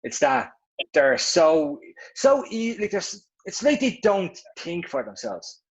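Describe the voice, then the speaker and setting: A man's voice: high-pitched, very animated, slow, gravelly, husky. An Irish man in his thirties co-hosting a podcast, rambling and chatty in casual talk. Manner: rambling, restarts, laughs at himself. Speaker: podcast co-host. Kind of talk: casual chat. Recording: dull lo-fi sound.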